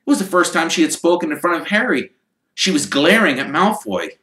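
Animated man reading a storybook. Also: a little high, brisk, roomy sound, rough recording. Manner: animated, expressive narration. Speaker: audiobook reader.

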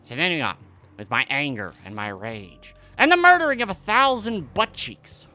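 A man doing gameplay commentary, loud and profane, shouting at enemies and making silly nonsense sounds. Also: on the high side, very animated, moderate pace, soft background music. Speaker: gaming streamer.

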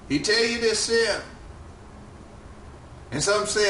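Preacher man, slow and emphatic, bright voice bouncing around a big echoey room, mic kinda far off. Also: high-pitched, slight background noise. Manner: slow, emphatic preaching with rising and falling cadence. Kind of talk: sermon. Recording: echoey room, mic at a distance, faint ambience.

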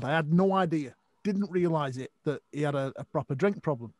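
A man hosting a casual podcast chat, leaning into a long retold anecdote. His voice is slightly high, and the recording sounds dry and close, with no room echo. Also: brisk. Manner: conversational, retelling a story with quoted speech. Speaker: podcast host.

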